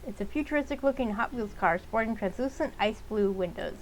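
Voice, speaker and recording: A woman's voice: fairly high pitch, expressive, a little fast, a little hiss or hum, poor audio. A woman playing a game, reading its text and rambling in casual, exasperated commentary. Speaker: game streamer. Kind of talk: casual let's-play commentary.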